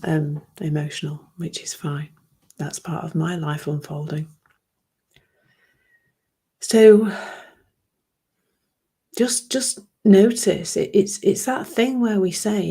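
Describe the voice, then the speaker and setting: A woman hosting a reflective solo podcast in a soft, emotional way, often laughing and dropping into whispers. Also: on the low side, expressive, a little slow, long pauses, husky. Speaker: podcast host.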